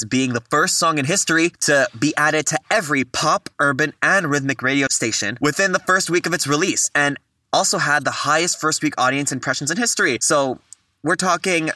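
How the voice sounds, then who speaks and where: A man's voice: medium pitch, sharp tone, no room sound, distant mic. A man hosting a podcast, chatting enthusiastically about music history and speaking directly to his listeners. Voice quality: enthusiastic, chatty, addresses listeners as "you guys". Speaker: podcast host. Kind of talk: casual music history chat.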